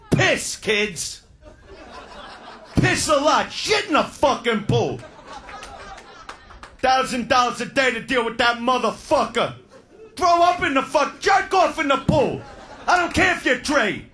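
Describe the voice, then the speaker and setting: A man doing crude, loud stand-up comedy, shouting his punchlines. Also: very high voice, expressive, takes it slowly, long pauses. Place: comedy stage before a live audience.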